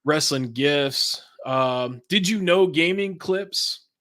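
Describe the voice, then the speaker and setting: A man's voice: on the high side, takes it slowly, fairly bright tone. A man who is a podcast guest, talking in a laid-back, chatty way with casual swearing. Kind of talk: casual interview chat.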